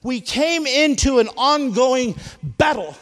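A male pastor preaching a sermon, swinging between shouted climaxes and hushed asides. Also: very high voice, animated, slow pace. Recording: long hall reverb.

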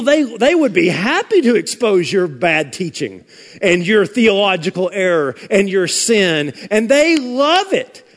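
High-voiced pastor preaching in an echoing hall. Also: male voice. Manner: sarcastic, emphatic preaching with swings from loud to hushed. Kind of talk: sermon. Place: large church sanctuary. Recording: long hall reverb.

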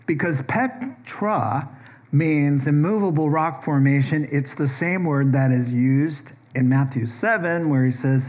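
Guy preaching a sermon, slow and emphatic, kinda high voice, muffled lo-fi recording. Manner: emphatic preaching with rhetorical questions. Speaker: pastor. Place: church.

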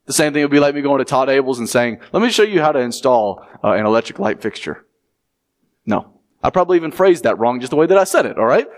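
In a relaxed, conversational sermon, a male pastor speaks at a quick pace with a moderate, even tone. He slips into the voices of the people he quotes and jumps up in pitch when he wants emphasis.

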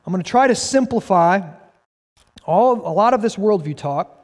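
A male pastor preaching a sermon, reading scripture aloud and pressing his points emphatically, sometimes rising to a shout. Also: high voice, animated, moderate pace. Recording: long hall reverb.

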